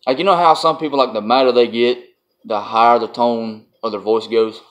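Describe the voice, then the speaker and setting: A man's voice: mid-range voice, fairly even intonation, brisk. A man, telling a casual vlog story in a blunt, folksy way and laughing often. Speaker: vlogger.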